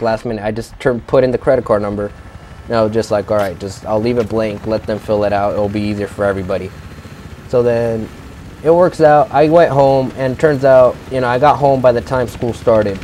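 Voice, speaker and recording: A teenage guy tells a vlog story as a heated rant, cursing freely and rambling through fillers and restarts. His voice sits at an ordinary male pitch. A faint hum of background noise sits under the recording. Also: darkish tone. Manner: profane, rambling, lots of fillers. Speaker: vlogger.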